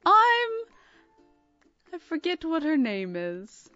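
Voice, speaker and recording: A woman putting on an exaggerated impression of an actress doing a European accent, speaking with her mouth wide open in big drawn-out vowels. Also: high-pitched, huge pitch swings, pushed and bright, no room sound, highs cut off, faint music behind, pitched above the performer's own voice, full character voice. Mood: grandly theatrical.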